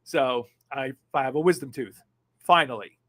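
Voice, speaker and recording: A man in his fifties hosting a casual livestream, reading viewer comments in a sardonic, animated way that swings from muttering to loud outbursts and swears freely. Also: medium pitch, moderate pace. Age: 50s. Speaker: livestream host.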